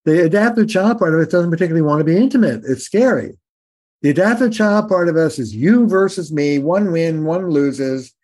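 An older man with a fairly high voice who talks like a practiced storyteller. He is animated and emphatic, leaning on repetition to drive his points home. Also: a little fast. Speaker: guest, family therapist. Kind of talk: conversational storytelling.

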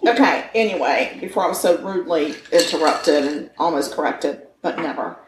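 A woman's voice: low voice, lively intonation, normal speed, roomy sound, background noise. A middle-aged woman co-hosting a podcast, chatting casually and telling a true-crime story with a playful, joking manner. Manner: playful, jokey, teasing. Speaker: podcast co-host.

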